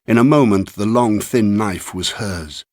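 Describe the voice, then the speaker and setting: A man narrating a literary short story in a measured, unhurried way. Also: on the low side, a little mellow, no echo, clean studio sound. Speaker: audiobook narrator.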